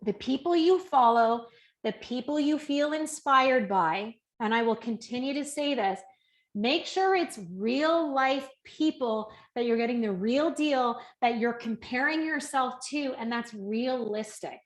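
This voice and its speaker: A woman in her thirties giving a chatty, animated fitness coaching talk and acting out little quoted voices. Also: on the high side, a little slow. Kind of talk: casual coaching talk to camera. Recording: echoey room.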